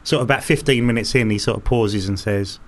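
A man chatting casually as a podcast co-host, throwing in quick questions and reactions. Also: lowish voice. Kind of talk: casual chat.

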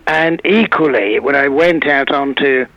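A man's voice: mid-range voice, unhurried, fairly bright tone, dull audio. An older man from England, a guest in a casual chat, talking in a reflective, rambling way with many restarts. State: coughing.

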